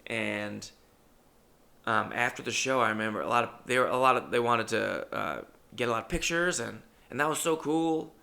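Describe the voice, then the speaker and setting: A stand-up comedian telling stories in a casual, rambling way and swearing freely. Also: male voice, medium pitch, vocal fry, pushed and bright. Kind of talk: casual storytelling monologue.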